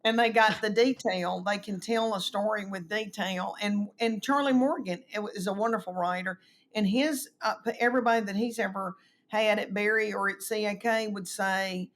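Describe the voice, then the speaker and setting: A woman's voice: medium pitch, normal speed, a little hiss or hum. A middle-aged woman with an East Tennessee Southern accent, telling folksy stories as a guest in a casual chat. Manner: animated, folksy storyteller who acts out quotes. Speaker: guest comedian.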